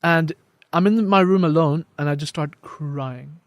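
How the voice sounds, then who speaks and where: A young man chats on a podcast in a fairly high voice, recorded close and dry. He tells his story with animated energy, acting out what others said along the way. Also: a little slow, dry recording. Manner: animated storyteller, acts out quoted dialogue. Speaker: podcast guest, life coach. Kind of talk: casual podcast conversation.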